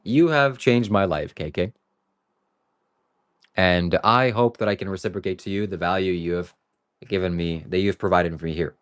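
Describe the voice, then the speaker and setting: A man's voice: low voice, moderate pace, pauses often, clear, resonant tone. A man talking to his live-stream viewers in a rambling, casual way that swings between joking and earnest. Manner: talks straight to viewers. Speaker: livestreamer.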